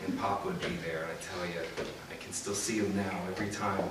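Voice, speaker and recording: A man's voice: deep voice, little pitch movement, fairly quick, background noise. A young man telling stories about his grandfather in a eulogy, with many "you know"s and restarts. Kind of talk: eulogy storytelling. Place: funeral service hall. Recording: echoey hall, mic from far off. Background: audience laughter.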